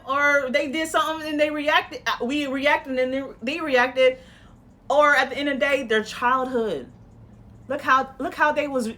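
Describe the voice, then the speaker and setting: A woman's voice: sits high, a bit bright. Blunt, swearing woman tarot reader. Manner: blunt, emphatic, repeats and restarts phrases; swears freely, uses slang. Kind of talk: casual spoken tarot reading.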